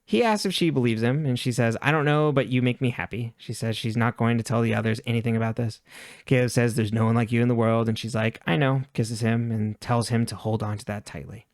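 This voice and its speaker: A man's voice: medium pitch, a little fast, no room sound, clean studio sound. A man co-hosting a podcast, casually recapping a TV episode with offhand asides and chuckles. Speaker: podcast co-host.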